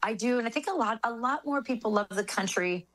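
A woman's voice: on the high side, expressive, fairly quick, a bit bright, poor audio. A woman from the United States, speaking as an author guest in an interview, earnest and opinionated. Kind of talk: interview conversation.

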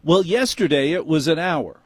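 A man's voice: a little high, expressive, moderate pace, slightly rough, dry recording, pitched above the performer's own voice. A man with a New York accent voicing a snippy, condescending male store manager in a raised, prissy voice.

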